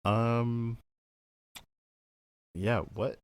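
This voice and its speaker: A man hosting a podcast in casual chat, laid-back with many drawn-out "um"s. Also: medium pitch, level tone, clean tone, no room sound, clean studio sound. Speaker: podcast host.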